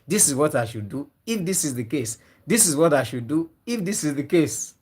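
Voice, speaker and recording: Male trainer, slightly high voice, emphatic and repetitive, runs a live online class and talks to the chat. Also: sing-song, moderate pace, darkish tone, slightly rough. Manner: emphatic, repeats key points many times; talks to viewers typing in the chat. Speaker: fish farming trainer.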